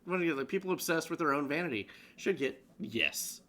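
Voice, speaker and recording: Animated, bright-voiced man cursing through banter. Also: a little high, fairly quick. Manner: profane, laughing, animated banter. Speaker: co-host. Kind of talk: casual live-stream chat.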